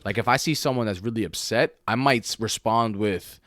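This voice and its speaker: A man's voice: on the low side, a little fast, fairly bright tone, dry recording. A man co-hosting a casual podcast, telling stories and acting out quotes in put-on voices, swearing casually. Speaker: podcast co-host. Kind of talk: casual chat.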